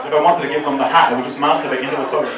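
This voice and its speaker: A man with a Dublin Irish accent doing a profane, animated stand-up set at an open mic in a bar. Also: a little high, rapid-fire. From Ireland. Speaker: stand-up comedian. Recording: echoey bar, far from the mic, crowd noise.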